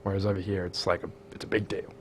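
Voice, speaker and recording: Brief: Young Australian man, lowish voice, relaxed storyteller, faint room hiss. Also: quick pace. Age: young adult. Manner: relaxed, storytelling, careful articulation. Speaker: student guest. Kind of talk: casual interview chat.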